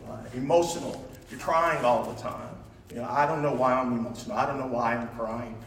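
A man giving a casual, chatty talk with slides, using plenty of fillers and laughing often. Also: mid-range voice. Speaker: presenter. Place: large echoey room. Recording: echoey room from far off, faint noise.

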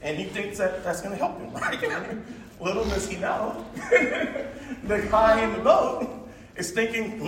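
Captured from far off in a large, echoey room with faint noise, a presenter talks through his slides in a casual, chatty way. His voice is high-pitched and sing-song, a little slow, full of fillers and frequent laughter.

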